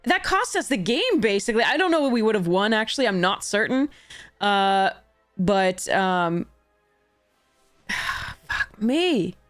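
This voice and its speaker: A woman's voice: medium pitch, lively intonation, moderate pace, fairly bright tone, no echo, soft background music. A woman streaming a card game, talking casually to her chat, exasperated and swearing freely as she rants at the game. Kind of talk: casual livestream commentary while gaming.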